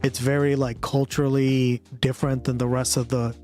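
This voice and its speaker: A man's voice: mid-range voice, flat delivery, normal speed, darkish tone, soft background music. A man with a Boston accent hosting a casual livestream, rambling with many fillers and frequent laughter. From Boston area. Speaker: streamer host.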